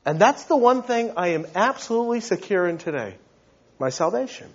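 High-voiced, earnest male preacher. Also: big pitch swings, brisk. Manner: earnest and emphatic, repeating words as he builds. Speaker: pastor. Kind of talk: sermon. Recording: dull lo-fi recording.

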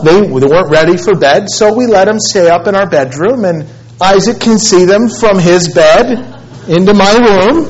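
A pastor in his thirties preaching a sermon, swinging between loud, emphatic pleading and low, hushed tones. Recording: muffled lo-fi sermon recording.

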